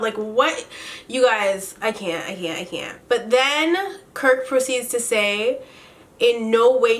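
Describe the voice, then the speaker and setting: A woman's voice: mid-range voice, fairly bright tone. A young woman hosting her own vlog, recapping a reality show in a blunt, slangy, exasperated way and laughing often. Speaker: beauty and reality-TV commentary host. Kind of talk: casual recap commentary.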